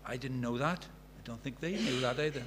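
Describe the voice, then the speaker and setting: Against a background crowd, a man in his sixties with a medium-pitched voice preaches a little fast. His sermon is earnest, with storytelling asides, and rises to fervent emphasis.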